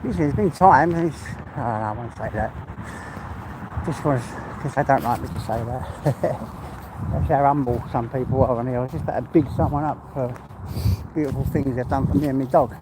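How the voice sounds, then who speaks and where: A man's voice: medium pitch, brisk, background noise. A retired man from England chatting casually to his viewers while walking his dog outdoors, rambling from one thing to the next. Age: older. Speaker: vlogger. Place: outdoors on a rural walk by water.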